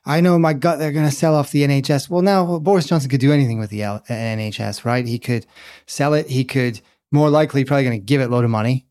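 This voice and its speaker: A man's voice: medium pitch, fast, darkish tone. A man, a journalist guest on a podcast, giving thoughtful, conversational answers with many asides. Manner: thoughtful, explains with hedges and asides.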